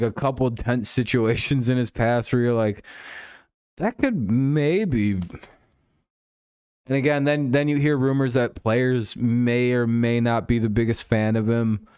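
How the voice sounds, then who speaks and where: A man's voice: mid-range voice, a little mellow, smooth, dry recording, studio quality. A man hosting a casual stream, rambling and joking crudely about sports. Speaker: streamer host.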